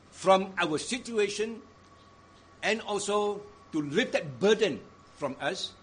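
A man preaching a sermon in a deliberate, emphatic way, stressing repeated phrases. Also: high-pitched, fairly bright tone, breathy edge.

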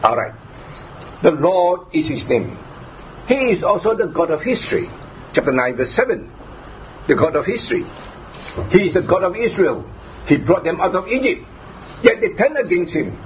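A male preacher delivers a sermon in a fairly high voice, hammering each point through repetition and rhetorical questions. The recording is dull and lo-fi, with a faint hiss of background noise behind him.

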